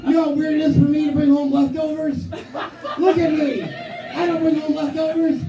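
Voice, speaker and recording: A man in his thirties doing a crude, self-mocking stand-up set with heavy swearing, often breaking into loud acted-out quotes of himself. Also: extremely high pitch, level tone, moderate pace, noisy background. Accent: New England. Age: 30s. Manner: acts out his own voice in loud quoted asides. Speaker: stand-up comic. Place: small comedy club stage. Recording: roomy club sound from a distance. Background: live music and crowd.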